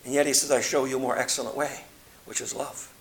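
A man preaching a sermon, reading scripture aloud and swinging between loud emphatic peaks and quiet low passages. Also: level tone, fast. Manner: reads scripture aloud in King James wording.

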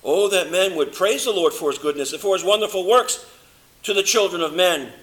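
Male preacher with a high, bright voice; dramatic sermon delivery, stretching key words. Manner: dramatic, swings from loud emphasis to low hushed delivery, slows for stress.

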